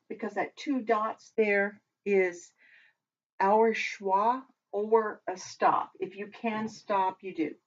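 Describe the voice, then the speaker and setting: A woman teaching a language lesson who talks while she writes, pausing and correcting herself as she goes. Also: mid-range voice. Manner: talks while writing, with pauses and self-corrections. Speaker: Hebrew teacher. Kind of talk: slow, patient lesson at a whiteboard. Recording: dull lo-fi recording.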